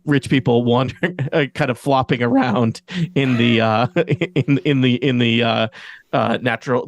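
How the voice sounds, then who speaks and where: A man's voice: medium pitch, creaky, no echo. A man narrating a tabletop game as game master, rambling with many fillers and chuckles.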